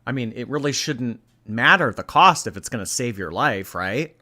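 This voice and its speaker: Lively, blunt male streamer. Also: mid-range voice, normal speed. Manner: chatty, blunt, swears freely. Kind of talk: casual reaction stream.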